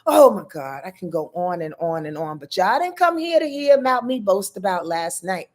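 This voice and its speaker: Lively, effusive woman livestreaming. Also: medium pitch, moderate pace. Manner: effusive, greets viewers by name, laughs often. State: tired. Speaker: astrologer hosting a livestream. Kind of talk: casual livestream chat.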